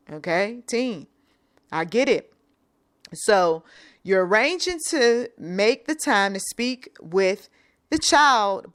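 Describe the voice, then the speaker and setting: A woman's voice: medium pitch, a bit bright. A middle-aged woman hosting an advice talk, plainspoken and direct, speaking straight to the listener with rhetorical questions. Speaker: channel host giving advice. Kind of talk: unscripted faith-based advice talk.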